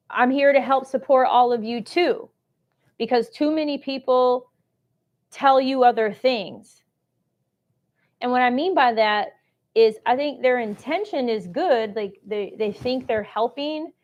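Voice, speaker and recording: A woman hosting a live-streamed shopping show, talking chattily and salesy while reading out and answering viewer comments. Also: a little high. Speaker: host of a live shopping stream on government contracting.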